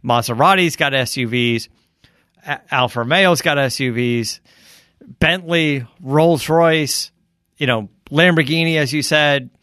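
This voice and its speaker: A fairly high-voiced man chatting on a podcast, lively and loose, dropping swear words and laughing as he goes. He sits close to the mic in a dry, dead room. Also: no room sound. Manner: animated storyteller, swears, laughs often. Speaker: podcast co-host. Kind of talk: casual chat.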